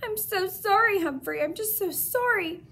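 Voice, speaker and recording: A woman reading aloud and voicing a kind young girl who speaks softly and soothingly to her pet. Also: a little high, very animated, slow, breathy edge, heavily acted. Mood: sorry. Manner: soft, soothing and apologetic.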